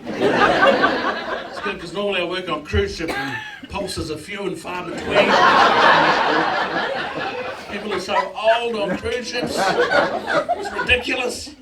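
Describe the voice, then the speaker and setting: A man with a New Zealand accent doing live stand-up comedy, loud and animated, breaking into shouted bits. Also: high-pitched, slow pace, pauses often, very noisy. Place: small live event venue with audience. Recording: echoey room, far from mic, loud crowd.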